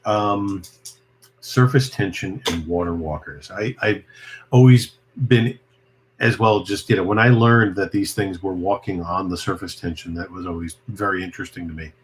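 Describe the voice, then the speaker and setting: A man with a very low voice runs a casual amateur radio net. He talks in a relaxed, chatty way and laughs easily. A faint hiss of noise sits under his voice. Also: moderate pace.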